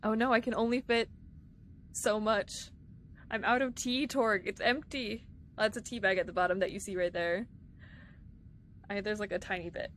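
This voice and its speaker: A woman's voice: medium pitch, steady tone, normal speed, long pauses, a bit bright, slight background noise. A woman streamer chatting casually with her viewers while playing a game live, giggling often. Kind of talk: live-streamed gameplay chat.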